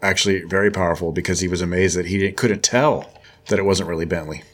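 A man's voice: deep voice, fast. A man co-hosting a podcast in casual chat, laid-back and wry with dry asides. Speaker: podcast co-host.

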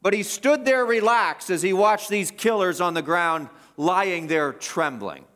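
High-voiced, dramatic preacher man. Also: measured pace. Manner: dramatic, swings between loud and hushed; asks the listeners questions. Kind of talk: sermon.

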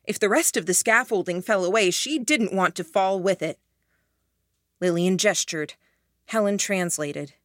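A woman narrating an audiobook in a hushed, even reading voice. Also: mid-range voice, a little slow, no room sound, clean studio sound. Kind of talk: scripted narration.

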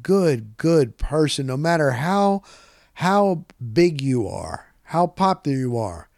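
Excitable man telling a story, dry sound. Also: no room sound. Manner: excitable, rambling, repeats "boom" for emphasis. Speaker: podcast host. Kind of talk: casual storytelling monologue.

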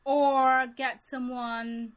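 A woman's voice: high voice, level tone, extremely slow. A woman co-hosting a podcast, chiming in with brief, wry interjections during casual chat. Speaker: podcast co-host.

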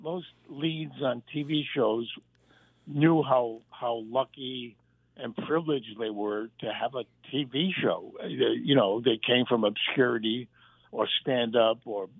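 Man telling animated stories on a phone line. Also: medium pitch, measured pace, gravelly, husky, dry recording. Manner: animated anecdotes, acts out quoted voices. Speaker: guest, former sitcom writer and warm-up comic. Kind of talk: casual interview storytelling.

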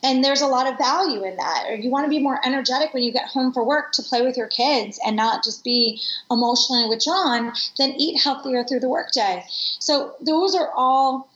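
A woman's voice: high-pitched, moderate pace, a bit bright. Earnest woman telling stories, echoey room. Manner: earnest, reflective storytelling. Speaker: guest. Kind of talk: conversational interview. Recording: echoey room, dull lo-fi sound.

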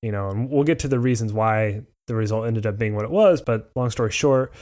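A man's voice: fairly low pitch, fairly quick, a little mellow. A man co-hosting a podcast in casual chat, explaining a legal case in a rambling way and correcting himself as he goes. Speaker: podcast co-host.

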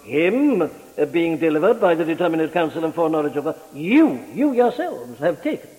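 A man's voice: sing-song, normal speed, a little mellow. Man preaching dramatically in an echoing hall. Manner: dramatic, rhetorical preaching with wide swings in pitch and volume. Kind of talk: sermon.

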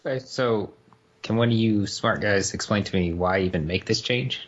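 A man's voice: lowish voice, normal speed, muffled recording. A man hosting a podcast chat, moving the talk along with light jokes. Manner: moderating, joking, moving topics along. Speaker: podcast host. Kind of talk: casual panel chat.

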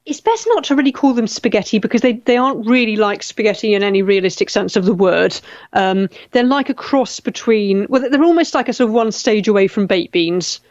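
A woman's voice: medium pitch, brisk, darkish tone, dry recording, dull audio. A middle-aged English woman hosting a casual chat, reading out viewer comments and often repeating her words. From England.

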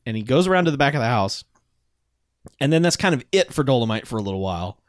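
A man co-hosting a casual podcast, recapping a movie in an animated way and laughing often. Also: medium pitch, fast, no room sound, studio quality. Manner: animated storyteller, acts out bits, laughs often. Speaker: podcast co-host.

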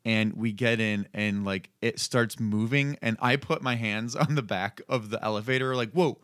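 Low-voiced, chuckling man. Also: fairly even intonation, normal speed, fairly bright tone, clean tone, dry recording, studio quality. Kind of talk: casual chat.

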